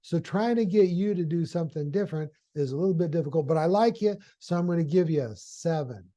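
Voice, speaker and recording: Chatty, apologetic male office boss in a mellow, slightly high voice, giving a review, put on by a male storyteller. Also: quick pace, natural voice. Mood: coaxing. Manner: chatty, apologetic, softening bad news.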